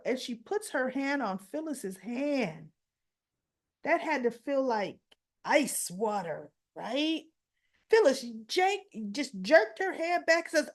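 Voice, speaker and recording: Speaking slowly with a fairly high voice, a woman runs a laid-back soap opera recap, walking through scenes and voicing the characters' lines with lively emphasis.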